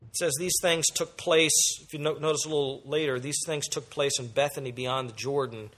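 A man preaching a sermon as pastor, with emphatic delivery that moves between loud and soft. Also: a little high, steady tone, fairly quick.

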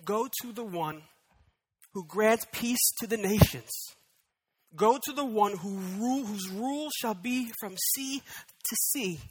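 A man preaching a sermon as pastor, building to loud, emphatic repeated declarations. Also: high voice, lively intonation, slow pace, slightly rough.

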